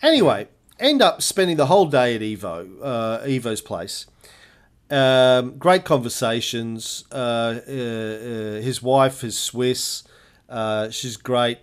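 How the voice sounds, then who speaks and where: Brief: male podcast co-host, animated storyteller, casual and profane, mid-pitched voice. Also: slow pace, smooth. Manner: animated storyteller, swears freely. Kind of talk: casual chat, anecdote.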